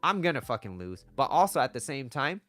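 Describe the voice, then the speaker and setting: Blunt, swearing advice-vlog man, mid pitch. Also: big pitch swings, fairly quick, a bit bright. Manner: blunt and conversational, swears, keeps asking "right?". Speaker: dating and relationship advice vlogger. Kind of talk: casual motivational talk to camera.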